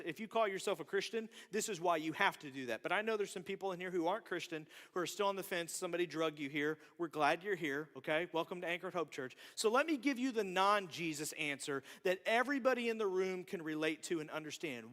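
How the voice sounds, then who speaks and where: A man in his thirties preaching a sermon, chatty and animated, talking straight to the congregation with quick asides. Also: a little high. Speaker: pastor. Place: church hall. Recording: long hall reverb.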